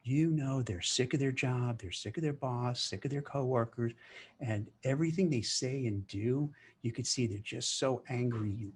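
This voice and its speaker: A man talks through career advice in a casual monologue, animated and quick to act out office chatter. His voice sits at an ordinary middle pitch. Faint noise hums behind him. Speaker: career commentator.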